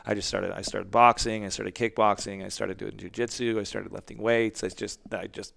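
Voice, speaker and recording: A man's voice: fairly low pitch, level tone, normal speed, vocal fry, a bit bright. A man in his forties telling stories candidly in an interview, swearing often and acting out what people said. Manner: candid, heavy swearing, acts out quotes. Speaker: podcast guest, band frontman. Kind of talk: casual interview storytelling.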